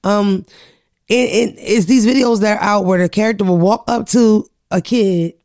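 Gravelly, blunt woman. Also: mid-range voice, normal speed, a little mellow. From Philadelphia. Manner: profane, blunt storyteller. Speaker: podcast co-host. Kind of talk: casual podcast chat.

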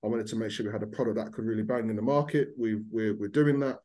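A man from Birmingham with a mild Birmingham accent, speaking as a founder in a casual podcast interview in a measured, businesslike way. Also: on the low side, a little mellow. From Birmingham, England. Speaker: startup founder guest.

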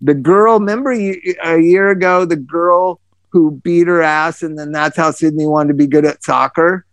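A man in casual chat who tells lively stories, swears freely and breaks into quick asides. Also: a little high, clean tone, dry recording.

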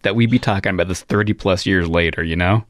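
A man hosting an interview, relaxed, giving short reactions and asking follow-up questions. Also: sits low, fast, background noise. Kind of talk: casual interview chat.

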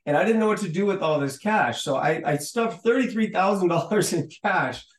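Guest storyteller, male, a touch high-pitched, acts out every exchange, roomy sound. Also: fairly quick. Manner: animated storyteller who acts out dialogue, with stammered restarts. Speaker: podcast guest. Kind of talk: storytelling in a conversational interview. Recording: roomy, echoey room sound.

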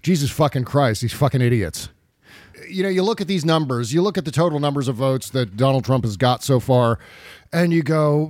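A man's voice: medium pitch, fairly quick, a little mellow, no echo, clean studio sound. A man hosting a podcast in casual political chat, sardonic and freely profane. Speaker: podcast host.

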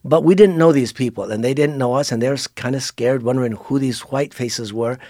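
A man's voice: medium pitch, a little fast, darkish tone, no echo, studio quality. A man who grew up in Thailand, a missionary telling stories in an interview, plain-spoken and often restarting his phrases. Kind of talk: storytelling interview.

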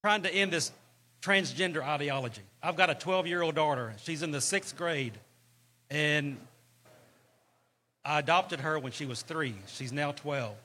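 A man's voice: fairly high pitch, a little slow, bright, forceful tone. A man speaking earnestly and emphatically at a convention. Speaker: interviewee. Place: convention floor.

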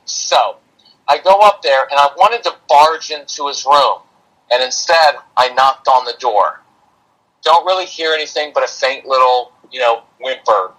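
Bright-voiced man telling a parenting story. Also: mid-range voice, a little slow, rough recording. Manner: animated, acts out quotes of himself and his son. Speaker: parenting coach guest. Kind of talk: storytelling in a podcast interview.

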